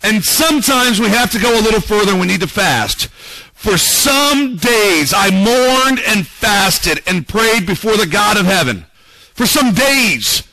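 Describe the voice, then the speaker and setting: High-voiced, bright-toned preacher man. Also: expressive, measured pace, creaky, no echo, soft background music, poor audio. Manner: dramatic, acts out quoted prayers and voices. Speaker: pastor. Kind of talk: sermon. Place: church.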